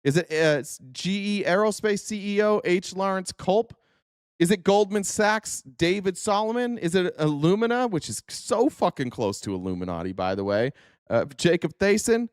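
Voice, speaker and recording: A man's voice: high-pitched, lively intonation, clean tone, no room sound, clean studio sound. Sarcastic, profane male commentary host. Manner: sarcastic, profane, rapid-fire rhetorical questions. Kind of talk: casual political commentary.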